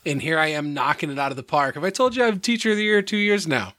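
A man co-host chimes in with profane, bro-ish reactions. His voice is bright and a bit high. It is recorded dry and close. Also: quick pace, dry recording. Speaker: podcast co-host. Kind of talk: casual chat.

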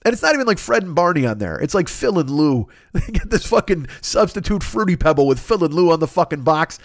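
A man's voice: a little high, sing-song, fast, no echo, clean studio sound. A middle-aged man on a podcast, rambling through a crude, profane comedic rant and laughing at his own jokes. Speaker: podcast host.

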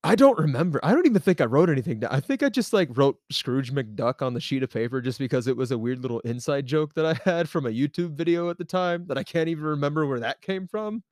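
A young man from the American South, casually telling a long story on a podcast, animated and laughing often with many fillers. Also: fairly high pitch, fast talker, hardly any pauses, no echo, clean studio sound. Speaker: podcast co-host.

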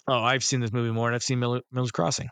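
A man's voice: medium pitch, flat delivery, rapid-fire, fairly bright tone, clear, resonant tone, no room sound. A man co-hosting a film podcast in casual chat, from Canada, rambling and swearing, often trailing off mid-thought. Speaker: podcast co-host.

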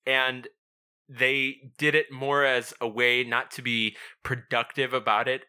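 Young man, podcast co-host, very bright tone, rambling casual talk. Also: mid-range voice, flat delivery, measured pace, smooth. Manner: rambling, reading out plot summaries. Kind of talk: casual chat.

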